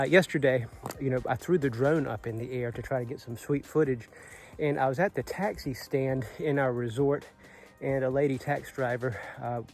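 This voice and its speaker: Outdoors on a Caribbean island, a vlogger in his late forties delivers an earnest motivational talk in a mid-range, a little mellow voice, swearing casually along the way.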